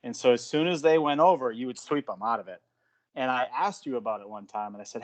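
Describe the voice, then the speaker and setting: A man's voice: medium pitch, quick pace, muffled recording. A man who coaches jiu-jitsu, telling self-mocking stories in a casual podcast chat.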